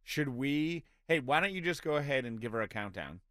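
A man's voice: mid-range voice, lively intonation, a little fast, a bit bright. A man hosting a radio show, easygoing and playful, who laughs often and teases his co-hosts. His studio voice is close and dry, with no room echo. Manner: playful, laughing, teasing host. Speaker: radio host. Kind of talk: casual radio chat.

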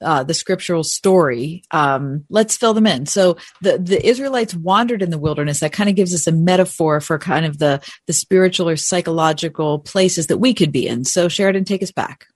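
Talk co-host, measured and explanatory, dry. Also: mid-range voice, dry recording. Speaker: radio talk show co-host. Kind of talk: conversational radio talk.

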